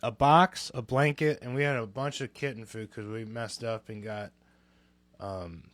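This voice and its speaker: A man's voice: mid-range voice, steady tone, measured pace, fairly bright tone, dry recording. A young man co-hosting a podcast, telling a story in casual chat, candid and swearing freely. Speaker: podcast co-host.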